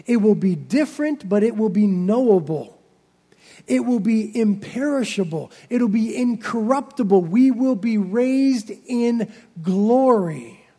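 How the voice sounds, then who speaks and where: A man preaching a sermon as pastor, building to loud, emphatic passages and then dropping low and quiet. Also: lively intonation, a little slow. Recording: long reverb of a large hall.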